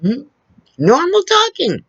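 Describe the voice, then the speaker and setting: A woman's voice: high voice, huge pitch swings, slow pace, no echo, dull audio. A woman vlogger lecturing straight to the camera, repeating her points and checking in with "okay?", recorded on a computer camera two feet away. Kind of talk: direct-to-camera opinion rant.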